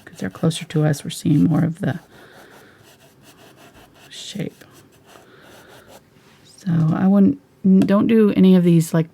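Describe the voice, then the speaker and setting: A woman giving a live painting lesson, chatty and relaxed, sometimes dropping into soft whispers as she works. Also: deep voice, gravelly. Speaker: painting instructor.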